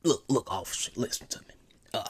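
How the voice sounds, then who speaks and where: A man's voice: medium pitch, big pitch swings, fairly quick, husky, voice pushed down. A man voicing a timid country boy who pleads with the police in a hesitant, mumbling way. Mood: meek pleading. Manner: mumbling, hesitant, full of ums and uhs.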